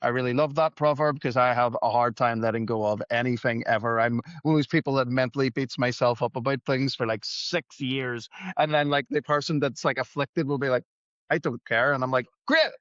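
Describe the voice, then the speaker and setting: A man's voice: mid-range voice, fairly even intonation, a little fast, fairly bright tone, dry recording. A man, a podcast guest telling rambling, self-deprecating stories in a casual way. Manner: rambling, self-deprecating, acts out quoted dialogue. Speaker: podcast guest, musician and gig promoter. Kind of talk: casual storytelling. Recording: dull, dry podcast recording.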